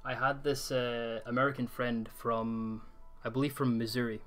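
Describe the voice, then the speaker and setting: A man's voice: mid-range voice, little pitch movement, normal speed, a bit bright, faint music behind. A young man with a mild Scottish lilt that mostly sounds English, chatting to his stream audience as he plays. He sounds a bit tired from the heat and meanders, restarting sentences as he reads messages. Recorded up close on a desk condenser mic at home. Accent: mild Scottish, mostly English-leaning. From Scotland. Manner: rambling, reads and answers chat with many restarts. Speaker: game streamer. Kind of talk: casual live-stream chat while gaming.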